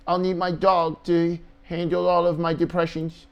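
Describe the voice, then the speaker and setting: A man's voice: on the high side, flat delivery, measured pace, vocal fry, lo-fi sound. A man talking to himself while coding on a stream, laughing, swearing and cooing to his dog. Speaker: programmer streaming a coding speedrun. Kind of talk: casual self-talk while coding.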